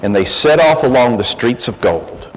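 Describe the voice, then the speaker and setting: A man speaks from a church pulpit, his voice ringing in a long reverb with faint hiss underneath. His pitch rises and falls freely as he jokes in a folksy, self-deprecating way. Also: lively intonation, normal speed. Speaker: guest speaker from the Gideons. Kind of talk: church talk opening with a joke. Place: church sanctuary.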